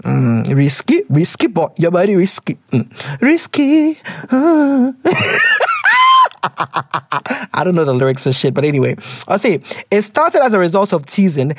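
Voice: mid-range voice, no room sound, studio quality. A podcast co-host with a Ghanaian English accent, reading a listener letter aloud and teasing it in casual chat, slipping into Twi.

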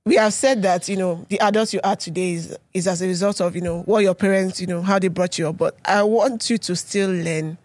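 Woman, measured advice-giver, dry close sound. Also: lowish voice, fairly even intonation, darkish tone, dry recording. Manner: measured, advising parents. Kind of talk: casual podcast chat.

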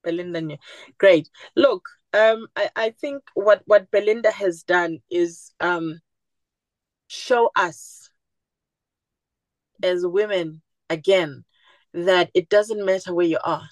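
A woman's voice: fairly low pitch, slow pace, long pauses, dry recording. A woman guest on a podcast interview, talking earnestly and animatedly, acting out the voices of people she quotes. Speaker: podcast guest, community group founder. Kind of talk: conversational interview.

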